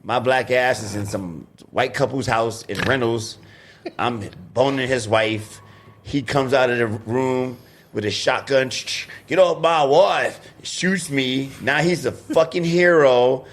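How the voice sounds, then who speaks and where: A man co-hosting a casual podcast, telling an animated story full of laughter and acted-out quotes. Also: mid-range voice, measured pace. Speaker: podcast co-host. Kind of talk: casual chat.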